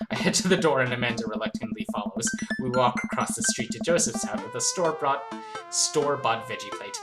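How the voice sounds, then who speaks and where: A woman's voice: rumbling low, expressive, brisk. A young woman playing a story game, reading the dialogue aloud in a playful, giggly way and commenting between lines. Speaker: let's play host. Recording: game music under voice.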